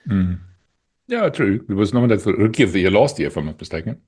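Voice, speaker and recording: A South African man co-hosting a rugby podcast, chatting casually with a relaxed, wry, teasing manner. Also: fairly low pitch, quick pace, slightly rough. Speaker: podcast co-host. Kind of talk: casual chat.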